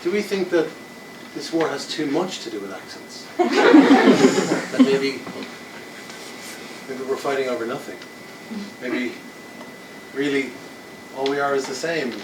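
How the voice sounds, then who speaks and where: A man's voice: medium pitch, animated, takes it slowly, long pauses. A man improvising comedy on stage, stammering and apologetic as a character. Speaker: improv performer. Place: theatre stage. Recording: roomy, from far off, noisy.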